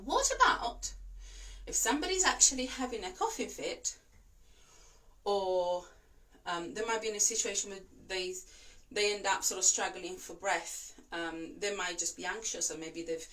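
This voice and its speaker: A woman, a voice and breathing coach whose first language is not English, giving calm, reassuring instructions and demonstrating slow breaths. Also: lowish voice, far from the mic. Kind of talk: instructional talk to camera.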